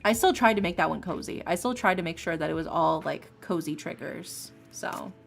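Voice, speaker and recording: A woman's voice: lowish voice, moderate pace, creaky. Chatty, opinionated woman streamer. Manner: animated, opinionated, laughs often, emphatic. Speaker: streamer, ASMR creator. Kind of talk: casual chat on a livestream. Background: faint lofi music.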